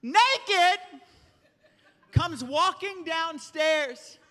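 Preacher, male, from the South, bright high voice, animated sermon storytelling, echoing hall. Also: very slow. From American South. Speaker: pastor. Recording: reverberant hall.

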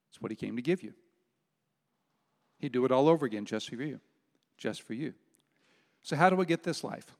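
An older man preaching a sermon as pastor, emphatic and slowing down to stress key words. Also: medium pitch, lively intonation. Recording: long hall reverb.

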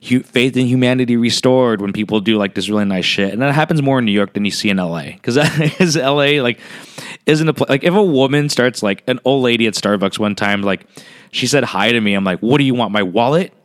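A man co-hosting a casual chat, talking fast with lots of fillers, swearing, joking and acting out quotes. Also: medium pitch, clean tone. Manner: animated, filler-heavy, swears and jokes, acts out quotes. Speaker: podcast co-host.

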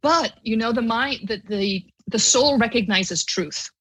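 A middle-aged woman from Ireland with an Irish accent, a podcast guest telling her personal story in an earnest, animated way. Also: on the high side, unhurried, husky, poor audio.

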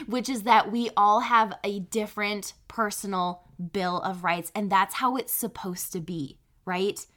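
A woman hosting a podcast alone, talking in an animated way, often laughing and checking in with "right?". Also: mid-range voice. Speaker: podcast host. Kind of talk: solo podcast talk.

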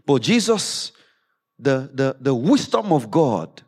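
A man preaching a sermon in a church service, reading scripture aloud with rising emphasis and dropping low to explain it. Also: big pitch swings, takes it slowly, a little mellow, husky.

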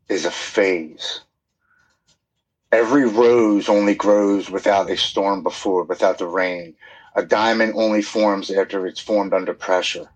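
A middle-aged man with a fairly low voice speaks as a podcast guest. He tells a personal recovery story in an earnest, heartfelt way. When emotion rises he repeats his words.

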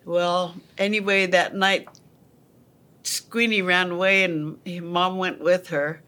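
Slow, halting woman storyteller. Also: on the low side, fairly even intonation, bright, forceful tone. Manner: slow and halting, many pauses and fillers. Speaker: podcast storyteller. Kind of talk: oral family storytelling.

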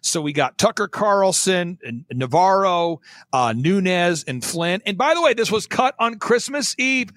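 A man's voice: sits high, lively intonation, fairly bright tone, dry recording. A man talking as a guest on a talk show, emphatic and driving, repeating his points for effect. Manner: emphatic, repetitive, fast-driving. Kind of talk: energetic talk-show conversation.

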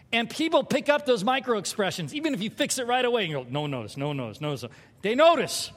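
A man preaching a sermon as pastor, animated and conversational, with humor. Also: high voice. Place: church sanctuary. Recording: hall reverb.

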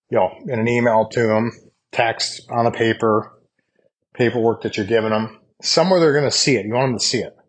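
A man's voice: medium pitch, slightly rough. A man casually coaching service technicians, rambling and often tossing in "you know" and "right?". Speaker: podcast host coaching HVAC technicians. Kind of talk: casual instructional talk.

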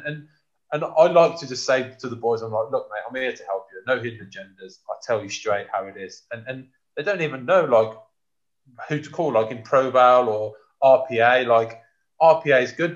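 A man, talking frankly in a casual chat as a former rugby player. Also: mid-range voice. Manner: blunt, frank, says mate often. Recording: dull lo-fi sound.

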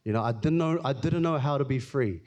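A man giving an earnest, emotional personal testimony in church, often halting and repeating himself. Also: mid-range voice, a little mellow. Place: church hall.

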